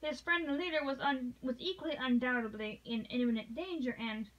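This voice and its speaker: A woman narrating a classic novel in a steady read-along, with small slips she corrects as she goes. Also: sits high, fairly quick, dull audio. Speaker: audiobook reader.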